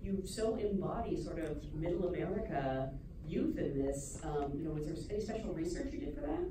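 Lady moderator, lowish voice, asking stuff at a theater q&a, very echoey, noisy. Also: animated, fairly quick. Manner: friendly, prepared questions with fillers. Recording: echoey theater from far off with noise.

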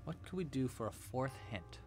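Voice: mid-range voice, expressive, normal speed, over music. A crochet teacher hosting a casual live crochet-along, chatty and enthusiastic, rambling a bit with restarts. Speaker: crochet teacher and livestream host.

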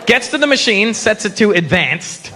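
This stand-up comic performs live, his high-pitched voice sing-song, bright and forceful at a moderate pace. Brash and profane, he needles the audience, and a stage microphone captures his set along with the crowd's noise.

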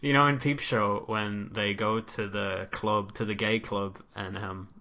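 Male podcast host, bright forceful tone, rambling casual chat full of fillers and swearing. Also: on the low side, steady tone, unhurried, highs cut off.

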